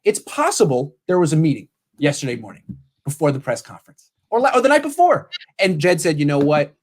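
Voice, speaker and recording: A man hosting a casual sports talk show, animated and quick to paraphrase what others said. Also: on the high side. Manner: animated, quotes people in paraphrase. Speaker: sports podcast host.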